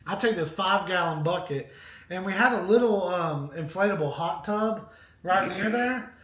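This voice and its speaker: A man co-hosting a casual live stream, telling a rambling, animated story with asides to viewers. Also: high-pitched, normal speed, slight background noise. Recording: echoey room.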